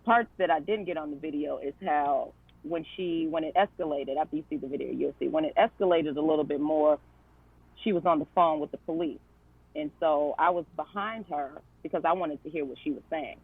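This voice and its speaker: Her voice is deep, slightly rough, and a little fast, coming over a tinny, phone-like line with no echo. As a podcast guest, she tells a story casually and conversationally, packing it with fillers and quoted dialogue.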